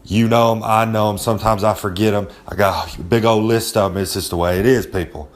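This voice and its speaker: A man's voice: on the low side, fairly even intonation, a little fast, close to an everyday voice. A man playing a cocky wrestler blowhard. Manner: cocky, rambling, talks down to listeners. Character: brash boastful male pro wrestler persona. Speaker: recurring segment host. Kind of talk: comedic rambling monologue.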